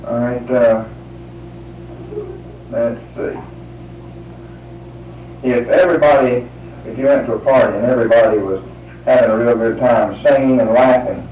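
A man's voice: medium pitch, steady tone, normal speed, pauses often, warm tone. Guy asking survey questions, lots of uh's, roomy distant sound, bit of hiss. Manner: hesitant, prompting with example sentences. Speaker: interviewer.

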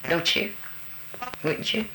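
A man's voice: slow pace, pushed and bright. An older man answering interview questions in a folksy, easygoing way, calling the interviewer honey. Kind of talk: answering a word-list interview. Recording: roomy recording with background hiss.

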